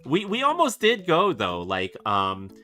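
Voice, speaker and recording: A woman's voice: low voice, wildly swooping pitch, unhurried, pushed and bright, soft background music. A woman streamer chatting casually while she draws, giggling often and rambling between thoughts. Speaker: streamer drawing illustrations. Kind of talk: casual chat.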